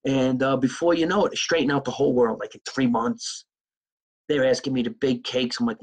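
A man's voice: mid-range voice, steady tone, fairly quick, poor audio. A man hosting a comedy podcast, telling a rambling, profane, improvised comic story.

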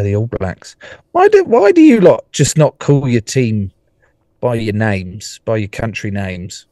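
A man's voice: lowish voice, dark tone, no echo, studio quality. An English man on a video call from a car, chatting casually with sweary, teasing banter. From England. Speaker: guest. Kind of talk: casual chat.

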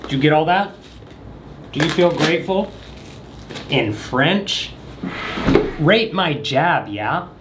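A man films himself alone in a room of his house, chatting to the camera in a rambling, jokey way. His pitch swings up and down a lot as he pokes fun at himself. A faint hiss sits under the recording. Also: big pitch swings, slow, pauses often. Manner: rambling, jokey, self-mocking. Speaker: vlogger. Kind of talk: casual monologue to camera.

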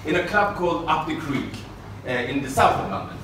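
A man's voice: on the high side, big pitch swings, a little fast, fairly bright tone. A man from Sweden with a Swedish accent, speaking English as a second language in a chatty, self-mocking vlog and stand-up set. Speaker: stand-up comedian. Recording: echoey, distant, noisy ambience.

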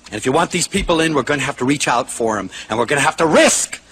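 An older American man giving a lively motivational lecture, acting out quoted voices with sudden shouts. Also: medium pitch, fast, a little hiss or hum. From United States. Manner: animated, acts out quoted voices, shouts for emphasis.

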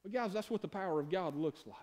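A man's voice: sits high, lively intonation, fast, darkish tone. A man preaching a sermon as pastor, telling the story in a folksy, conversational way and talking straight to his congregation.

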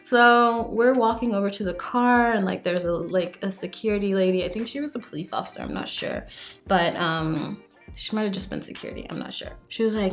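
A young woman vlogging casually as she does her makeup, telling a story in a chatty, animated way with lots of "like". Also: on the low side, a little fast, vocal fry, faint music behind. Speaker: beauty vlogger.

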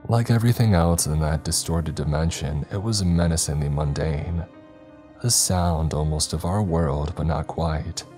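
Very deep-voiced man narrating horror. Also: warm tone. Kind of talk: scripted first-person horror narration. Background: faint background music.

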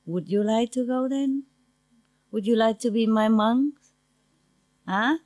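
At a meditation centre, a woman acting as a spiritual teacher gives her disciples an informal lecture, chatty and humorous, laughing between asides in non-native English with simple grammar. Her voice is fairly high and a little mellow, she takes it slowly, and there is no echo.

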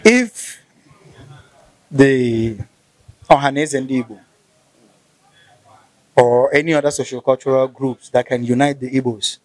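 A man with a Nigerian accent interviewing a guest, polite and measured but stumbling when he improvises. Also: medium pitch, no room sound. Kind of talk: casual interview questions.

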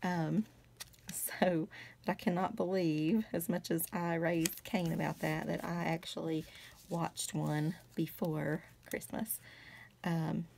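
A woman chatting casually to her viewers while she crafts, rambling with many fillers and soft asides. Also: lowish voice, flat delivery, slow, gravelly, slight background noise. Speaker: craft vlogger.

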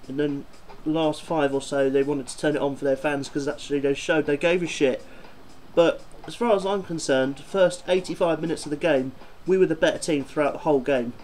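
A man's voice: on the high side, steady tone, brisk, a little mellow, slight background noise, rough recording. A man doing a football fan video, ranting and swearing in exasperation about his team.

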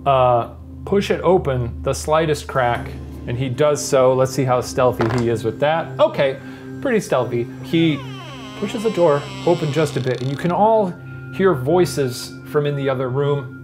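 A man in his thirties, the game master, narrating a tabletop game in a relaxed, dry, meandering way. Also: medium pitch, unhurried, over music.

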